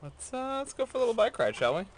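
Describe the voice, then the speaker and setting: A man chatting excitedly in a casual home vlog, sometimes hushed and whispering, sometimes jumpy and startled. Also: extremely high pitch, quick pace, slight background noise. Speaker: vlogger.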